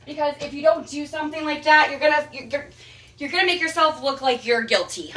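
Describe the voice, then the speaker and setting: Ranting emotionally on a home livestream, a young woman speaks fairly quickly in a high, pushed, bright voice. She's defensive and repetitive as she rambles; the room echoes, the mic sits far off, and there's slight background noise.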